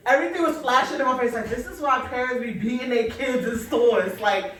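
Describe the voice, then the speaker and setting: Young New woman, animated profane storyteller, a bit high, echoey distant sound with faint hiss. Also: a little fast. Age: young adult. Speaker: podcast guest. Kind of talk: casual chat. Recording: echoey room with faint noise, mic at a distance.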